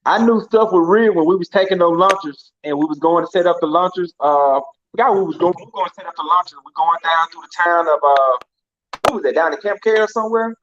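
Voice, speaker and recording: Brief: male veteran, high voice, hesitant and rambling, muffled line with faint hiss. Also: fast, a bit bright. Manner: rambling, hesitant, searches for names. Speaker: army veteran reminiscing. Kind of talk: casual chat with old comrades.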